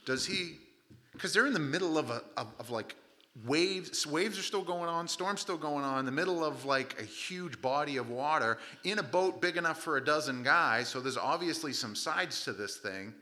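A man's voice: fairly high pitch, animated, moderate pace, pushed and bright. A man preaching a sermon in a conversational, humorous way, acting out the voices of the people in his story and often restarting his sentences.

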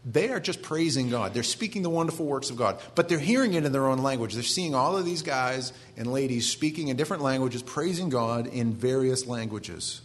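A man's voice: mid-range voice, animated, brisk, few pauses. A man in his forties with a Maine accent, preaching a sermon in a conversational way with self-deprecating asides. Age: 40s. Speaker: pastor.

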